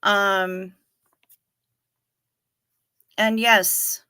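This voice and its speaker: A woman's voice: mid-range voice, level tone, extremely slow, pushed and bright, smooth. A woman hosting a casual livestream, chatting frankly with her viewers, greeting them by name and swearing offhandedly. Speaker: livestream host.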